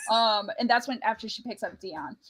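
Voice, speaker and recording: A woman's voice: on the high side, moderate pace, fairly bright tone, slight background noise, poor audio. A woman hosting a book club podcast in casual chat, laughing often as she quotes film lines. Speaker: parent.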